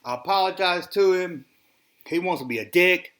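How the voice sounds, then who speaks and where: His voice sits high and is a bit bright, moving at a normal speed. The host, a Southern US man with a matching accent, goes on rambling rants on his solo toy collector podcast, sighing frequently, with a dry mouth.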